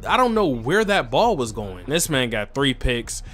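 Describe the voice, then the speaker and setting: A man talking through his football video game in casual gameplay commentary, muttering to himself and then yelling when plays go right or wrong. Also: a little slow. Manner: talks to himself, swings from low muttering to excited yelling. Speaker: gaming channel host.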